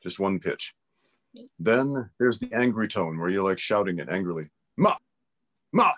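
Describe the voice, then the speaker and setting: A man's voice: sits low, normal speed. A man in a casual interview conversation, explaining his views emphatically and with strong opinions.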